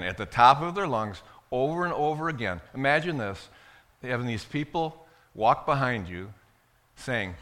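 A man preaching a sermon, retelling a Bible story with dramatic swings between loud and hushed delivery. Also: a little high.

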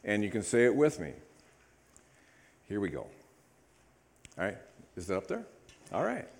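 A man preaching as pastor, leading the congregation in loud recitation. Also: on the low side, wildly swooping pitch, a little slow. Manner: leads congregation in loud call-and-response recitation. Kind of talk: sermon. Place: church sanctuary. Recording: echoey church hall.

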